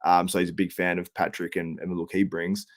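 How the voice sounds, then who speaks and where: Low-voiced upbeat podcast host. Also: male voice, level tone. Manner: upbeat, chatty, quick to laugh along. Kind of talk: casual podcast chat.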